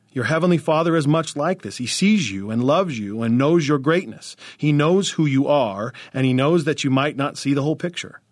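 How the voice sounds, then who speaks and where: A man's voice: medium pitch, no echo, studio quality. A man with an earnest, reflective manner giving a devotional lesson as a religious teacher.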